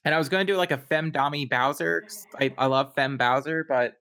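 A man's voice: fairly high pitch, fairly quick, sharp tone. A man in a casual group chat, rambling with lots of fillers.

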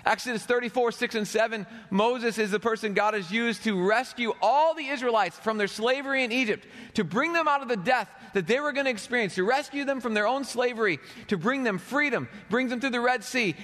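A man's voice: very high-pitched, brisk, hardly any pauses, a bit bright. A man preaching a sermon, dramatically acting out the voices he quotes. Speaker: pastor. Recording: long hall reverb.

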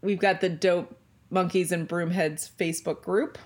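A woman's voice: lowish voice, steady tone, slightly rough. A woman co-hosting a podcast in casual chat, easygoing and wry. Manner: easygoing, wry, quick to laugh along. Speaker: podcast co-host.

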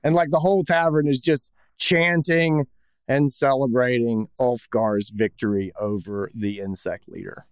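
A man narrating as dungeon master of a comedy tabletop game, jumping high to shout the crowd's lines. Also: fairly even intonation, a little slow, clean tone, no room sound.

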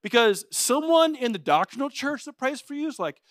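High-voiced, animated young pastor. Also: male voice, moderate pace, few pauses, no echo, studio quality. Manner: casual, energetic, says "like" often; animated and playful. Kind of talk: sermon.

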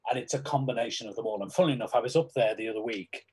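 Male stage actor, softened Liverpool accent, husky tone, thoughtful and halting, interview chat. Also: mid-range voice. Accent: softened Liverpool (Scouse). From Liverpool, England. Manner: thoughtful, halting, frequent restarts. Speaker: stage actor and panto dame. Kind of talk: conversational interview.

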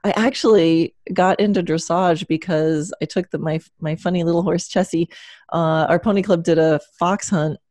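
A woman's voice: fairly low pitch, fairly even intonation, normal speed, a little mellow, no echo, studio quality. A woman from Long Island with a mild Long Island accent, a dressage trainer telling stories as a guest in a casual interview, laughing often. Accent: mild Long Island New York. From Long Island, New York. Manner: chatty storyteller, laughs often.

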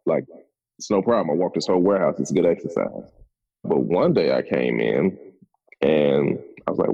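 A man's voice: a bass voice, lively intonation, moderate pace, vocal fry, dull audio. A man, a podcast guest telling his story in a laid-back, conversational way. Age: 30s. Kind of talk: casual storytelling.

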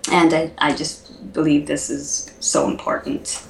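A woman in her forties, a guest on an interview, speaking in a measured way with frequent ums. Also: deep voice, level tone, creaky, slight background noise. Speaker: guest, product creator. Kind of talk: casual interview chat. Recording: echoey room.

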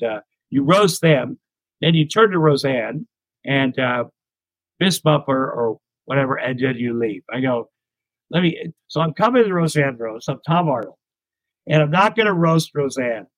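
A man's voice: mid-range voice, dry recording, low-quality recording. A middle-aged man from the United States, a comedian telling candid stories as an interview guest, rambling and self-deprecating. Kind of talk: candid anecdotal storytelling.

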